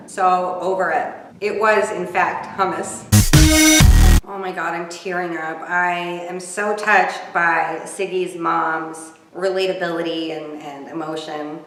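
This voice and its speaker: A woman's voice: fairly low pitch, fairly bright tone. A woman giving a chatty, snarky, gossipy recap of a reality TV episode as she watches it. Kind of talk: casual live recap commentary. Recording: echoey room, distant from mic.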